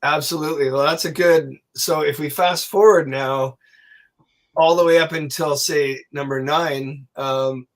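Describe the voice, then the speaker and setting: A man telling a long personal story as a podcast guest, animated and swearing, acting out the voices of people he quotes. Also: on the high side, measured pace. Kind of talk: casual storytelling.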